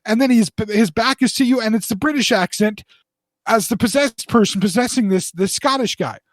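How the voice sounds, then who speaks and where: Man, 40s, podcast co-host; higher-pitched voice, dry and close, chatty storyteller who restarts his sentences. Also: moderate pace, dry recording. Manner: rambling, animated storyteller with restarts. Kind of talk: casual storytelling chat.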